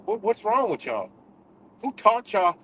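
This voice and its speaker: A man's voice: high voice, sing-song, unhurried, fairly bright tone, a little hiss or hum, poor audio. A man hosting a livestream in a casual, profane rant, repeating himself for emphasis. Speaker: livestream host.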